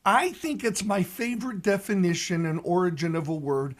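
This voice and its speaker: Older pastor, 60s, high voice, animated storyteller. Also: male voice, normal speed. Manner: animated storyteller who shouts the punchlines. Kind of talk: radio reflection and joke telling.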